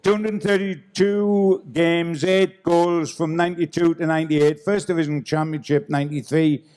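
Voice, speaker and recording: Higher-voiced man hosting on stage. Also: fairly even intonation, normal speed, darkish tone, in a large hall. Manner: announcer-style build-up. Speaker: event host. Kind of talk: stage introduction and interview. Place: theatre stage.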